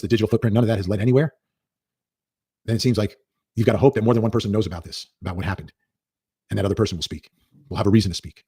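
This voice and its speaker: Fast-talking husky man, emphatic commentator. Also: on the low side, a little mellow, dry recording, studio quality. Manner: earnest, emphatic, repeats points for stress. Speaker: legal commentator. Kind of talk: clip of commentary played in a stream.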